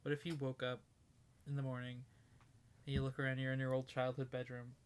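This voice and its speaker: This podcast co-host, a young woman, has a rumbling low voice with a level tone and speaks fairly quickly, with a slight hiss or hum in the audio. Chatting casually, she invents ridiculous hypotheticals and laughs a lot.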